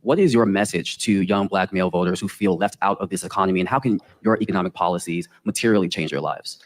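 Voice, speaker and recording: Deep-voiced man asking a quick question. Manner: formal, with hesitant fillers. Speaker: journalist interviewer. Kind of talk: formal interview question.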